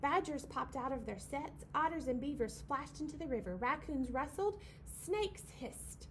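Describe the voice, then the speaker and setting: Lively high-voiced woman reading to babies. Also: normal speed, a little hiss or hum. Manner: sing-song, playful, acts out animal sounds. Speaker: children's librarian leading storytime. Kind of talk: reading a picture book aloud to babies. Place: library storytime room.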